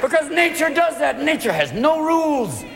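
A high, gravelly man working a stand-up set with wild swings of pitch. His voice rings with long reverb off a big club, and a loud laughing crowd and steady noise sit behind him. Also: moderate pace. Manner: animated, swings into gruff character voices. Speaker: stand-up comedian. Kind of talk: stand-up routine. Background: laughing audience.

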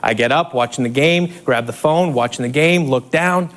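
A man doing stand-up storytelling in a comedy club, animated and chatty, keeps asking if you know what he means. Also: mid-range voice, moderate pace. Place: comedy club stage with a laughing audience. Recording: live club recording with loud crowd noise.

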